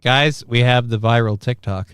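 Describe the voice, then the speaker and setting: A man's voice: mid-range voice, normal speed, a bit bright, clear, resonant tone, no room sound, studio quality. A man hosting a casual livestream, reading chat and news aloud in an offhand, profane way. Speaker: livestream host.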